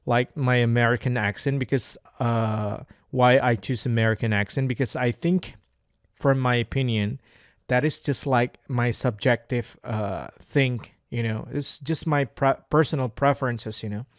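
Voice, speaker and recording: A man's voice: medium pitch, fairly even intonation, normal speed, clear, resonant tone, no room sound, clean studio sound. A man whose first language is Indonesian, practicing spoken English in a casual monologue, hesitant, with frequent restarts and fillers. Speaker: English learner.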